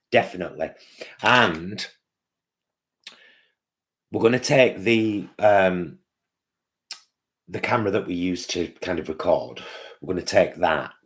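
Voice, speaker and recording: A man hosting a casual live-stream chat, chatty and answering viewers' comments by name. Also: low-pitched.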